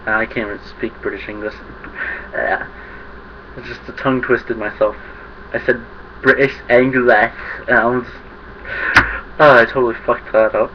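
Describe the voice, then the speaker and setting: A man's voice: medium pitch, level tone, normal speed, long pauses. Rambling young guy vlogging. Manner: rambling, self-conscious, laughs at himself. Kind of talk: casual rambling monologue. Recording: dull lo-fi webcam audio with faint hiss.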